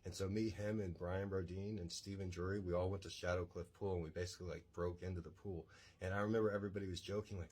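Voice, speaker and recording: A man's voice: sits low, steady tone, fast talker, darkish tone, slightly rough. A man in his forties from Texas, telling his own life story in a rambling, blunt, self-assured way. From San Antonio, Texas. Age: 40s. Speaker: podcast storyteller. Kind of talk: casual personal storytelling.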